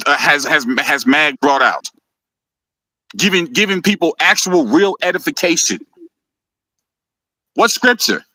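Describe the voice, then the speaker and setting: A man's voice: a little high, pushed and bright, no echo, low-quality recording. Mocking, heated male stream host. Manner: heated, mocking, laughs often, stumbles and repeats words. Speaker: host of a live video show. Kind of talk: live-stream commentary.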